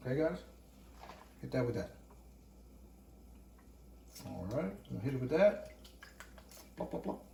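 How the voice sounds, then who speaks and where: A man's voice: medium pitch, sing-song, measured pace, vocal fry, pauses often, mellow, distant mic. A man hosting a home cooking video, chatting playfully with his viewers as he cooks. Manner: chatty and playful, talks to the audience as "cooks" and "y'all". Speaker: home cooking channel host. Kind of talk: casual cooking vlog. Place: home kitchen. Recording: echoey kitchen, voice off-mic, faint room noise.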